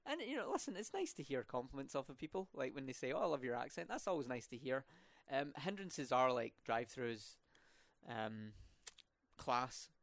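A man's voice: medium pitch, very animated, moderate pace, a bit bright, no echo, studio quality. A young man from Scotland with a Scottish accent and rolled R's, chatting casually as a student podcast host, with many fillers and restarts. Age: young adult. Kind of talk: casual interview chat.

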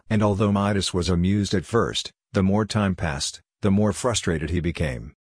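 A man's voice: deep voice, moderate pace, hardly any pauses, no room sound, studio quality. A man narrating a scripted storybook in a plain, lightly humorous way.

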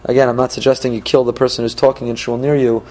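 A man teaching a Torah class, reading verses and translating them phrase by phrase, with frequent pauses and restarts as he thinks aloud. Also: mid-range voice, level tone, background noise.

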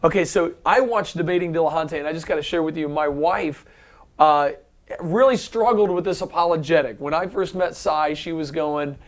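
A man's voice: fairly high pitch, moderate pace. Eager male interview host. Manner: enthusiastic, hesitant with fillers. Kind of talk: casual interview.

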